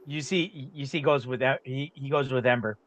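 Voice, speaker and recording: A man narrating as game master of a tabletop game, halting and often repeating words. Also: medium pitch, a bit bright, a little hiss or hum.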